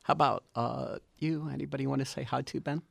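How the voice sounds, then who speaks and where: A man's voice: medium pitch, steady tone, fast, gravelly. A man hosting a radio show, chatting with his guests in an easygoing, chuckling way. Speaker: radio host interviewing guests. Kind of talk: casual radio interview.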